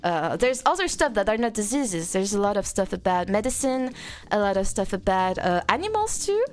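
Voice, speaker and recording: A woman's voice: mid-range voice, sing-song, moderate pace. A woman from France with a French accent, chatting playfully with her live-stream audience and answering chat.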